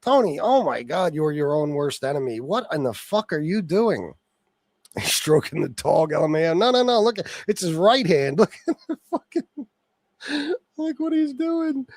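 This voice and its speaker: A man's voice: fairly high pitch, big pitch swings, normal speed, a little mellow, dry recording. A man hosting a livestream, talking in crude, profane, mocking banter and laughing at his guests. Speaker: livestream host.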